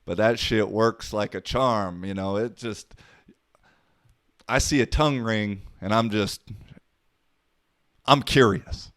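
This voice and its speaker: A man's voice: fairly low pitch, slow pace, pauses often, a bit bright, dry recording, studio quality. A man hosting his own podcast, talking alone in a rambling, profane, wisecracking way. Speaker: podcast host. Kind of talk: casual solo podcast monologue.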